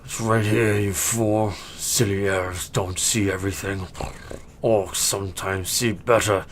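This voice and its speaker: A man voicing a gruff male orc in a tabletop game, yelling in high bursts and then turning smug and crude. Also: fairly even intonation, a little slow, slight background noise, natural voice. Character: gruff male orc companion, cranky and boastful.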